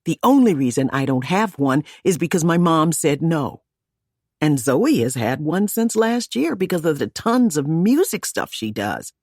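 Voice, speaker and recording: A woman's voice: lowish voice, a little mellow, no echo, clean studio sound, voice pushed up. A woman voicing a stubborn, boastful young boy who sings in a band. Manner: boastful and defensive. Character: confident boy singer, cocky, stubborn.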